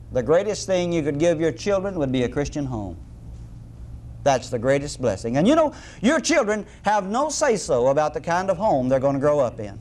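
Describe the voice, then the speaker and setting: A middle-aged man preaching a sermon, folksy and animated, with humorous asides. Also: a little high.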